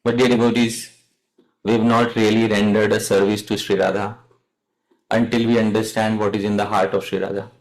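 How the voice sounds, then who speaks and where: A man's voice: fairly low pitch, little pitch movement, fairly quick, rough recording. A man giving a devotional lecture, often quizzing his listeners and calling them dear devotees, leading chants they repeat. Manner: asks the audience questions, addresses them as dear devotees. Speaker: devotional teacher.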